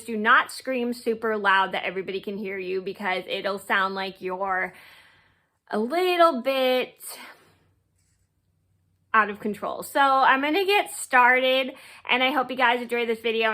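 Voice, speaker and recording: A woman's voice: on the high side, bright, forceful tone. A young woman telling a personal story to her viewers, rambling casually with many fillers and restarts. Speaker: vlogger.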